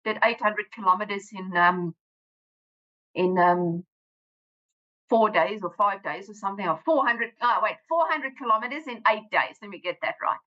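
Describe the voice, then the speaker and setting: A South African woman in her fifties, chatting as an interview guest in a rambling way with quick self-corrections. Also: medium pitch, highs cut off. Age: 50s. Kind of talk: casual interview chat.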